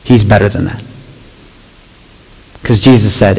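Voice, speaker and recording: A man's voice: mid-range voice, expressive, a little slow. A man giving a casual, conversational sermon to a young audience, often checking in with "right?" and reading scripture aloud. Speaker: youth pastor. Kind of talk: youth sermon. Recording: long hall reverb.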